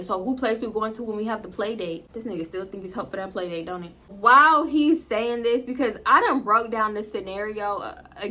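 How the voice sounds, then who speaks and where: A woman vlogger telling a storytime to her viewers in an animated, blunt and profane manner, speaking straight to the audience. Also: mid-range voice. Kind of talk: casual storytime vlog.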